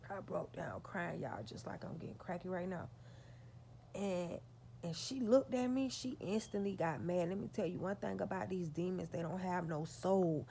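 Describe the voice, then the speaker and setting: Gravelly woman telling a story. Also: fairly low pitch, moderate pace, warm tone, a little hiss or hum. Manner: profane, emphatic, talks straight to her audience. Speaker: vlogger. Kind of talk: storytelling to her viewers.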